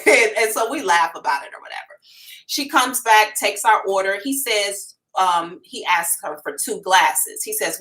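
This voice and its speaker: A woman hosting a psychic livestream, telling a story to her viewers in a frank, animated way, swearing casually and addressing them directly. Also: mid-range voice, measured pace, distant mic, poor audio. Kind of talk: storytelling to a live audience.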